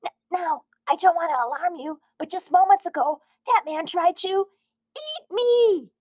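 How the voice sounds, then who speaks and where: A woman voicing a fussy, dramatic talking male doughnut in a storybook reading, shrill and indignant. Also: animated, unhurried, a little mellow, dry recording. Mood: frantic. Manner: shrill, indignant, high-strung.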